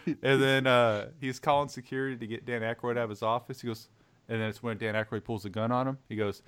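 Guy hosting a movie podcast, bright tone, laughs a lot, acts out lines. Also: medium pitch, fairly even intonation, fast, clean tone. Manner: laughing often, acting out quoted lines. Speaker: podcast host. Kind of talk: casual movie podcast chat.

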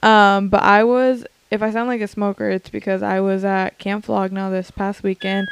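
A young woman in her twenties co-hosting a casual podcast, her voice raspy from screaming at a concert, giggling and rambling with many fillers. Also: medium pitch, little pitch movement, normal speed, hardly any pauses. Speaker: podcast co-host. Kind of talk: casual chat.

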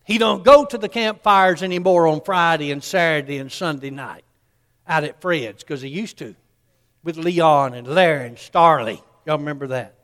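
A man's voice: on the high side, moderate pace, fairly bright tone, in a large hall. A man, preaching a sermon in a folksy storytelling way and acting out the people in his story.

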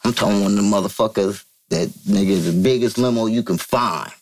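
A man from Vallejo, California, telling a story as an interview guest, profane and animated, acting out quotes in a higher voice. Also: brisk. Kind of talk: casual storytelling.

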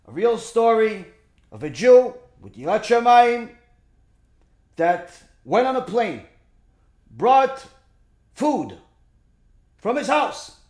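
High-voiced man teaching in an echoey room. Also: takes it slowly, pauses often. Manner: animated, peppers points with "okay?" and "right?". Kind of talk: informal lesson with storytelling.

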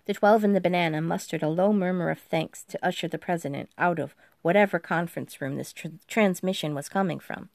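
A woman's voice: on the low side, brisk, vocal fry, few pauses, a little mellow, dry recording. Dry, close woman narrating. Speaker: audiobook narrator. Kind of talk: scripted narration.

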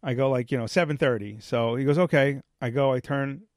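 A man's voice: mid-range voice, fairly quick, dry recording, studio quality. A man co-hosting a podcast, telling long rambling stories in casual chat and acting out what people said. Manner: rambling storyteller, acts out quotes. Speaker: podcast co-host.

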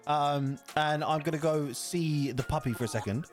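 A man's voice: fairly high pitch, moderate pace, over music. A young man from South London with a South London accent, co-hosting a live stream in casual, sweary chat and laughing often. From South London, England. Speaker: stream co-host.

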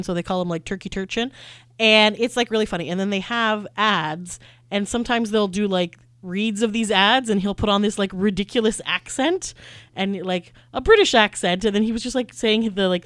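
Chatty woman rambling on a podcast, dry close sound, middle pitch. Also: a bit bright, smooth, no echo. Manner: chatty, rambling, quick asides. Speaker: podcast co-host. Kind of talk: casual chat.

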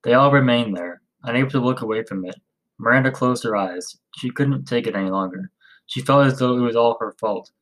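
A man narrating a story in a steady reading voice, with occasional slips and restarts. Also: mid-range voice, fairly quick, poor audio. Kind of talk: audiobook narration.

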